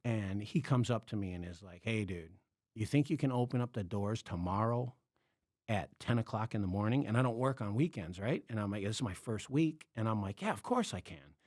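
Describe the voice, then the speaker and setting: A man hosting a podcast, telling a long story in a casual, animated way, acting out quotes and laughing often. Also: lowish voice, a little fast, no echo, clean studio sound. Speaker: podcast host, comedian.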